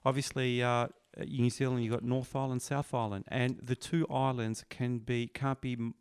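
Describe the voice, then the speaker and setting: A man chatting on a radio show, his voice smooth and clear. The sound is dry and close to the microphone, with no room around it. He rambles through his stories with lots of fillers. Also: medium pitch, level tone, normal speed, no room sound. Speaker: radio guest, fishing talk. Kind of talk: casual radio chat. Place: radio studio. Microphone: studio microphone.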